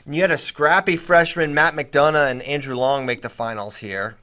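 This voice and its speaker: Man co-host, fairly high voice, animated casual chat, swings up hard on key words, podcast. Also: moderate pace, clear, resonant tone. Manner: animated, rising emphatically when making a point.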